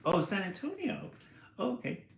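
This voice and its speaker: A man reading a picture book aloud on a livestream, chatty and quick to laugh, greeting viewers between pages. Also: sits high, wildly swooping pitch, gravelly, slight background noise. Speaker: storyteller and livestream host. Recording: roomy echo.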